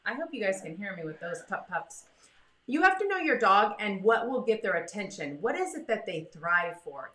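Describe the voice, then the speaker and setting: A chatty woman gives dog training tips with a bright, forceful voice. She talks in a casual, animated way and slips into little voices for her dog. The sound rings in an echoey room. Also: mid-range voice. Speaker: dog breeder giving training advice. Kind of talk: casual advice talk to camera.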